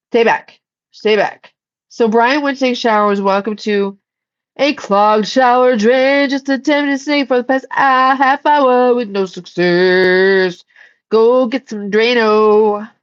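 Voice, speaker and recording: A woman's voice: medium pitch, muffled recording. A woman casually chatting on a livestream, blunt and swearing freely while reading the chat and shooing her cat.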